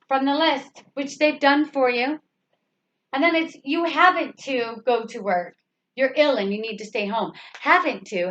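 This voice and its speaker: A woman's voice: sits high, fairly bright tone. A woman teaching an English grammar lesson, patiently repeating example sentences and asking rhetorical questions. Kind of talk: slow grammar lesson explanation. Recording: slightly dull lo-fi recording.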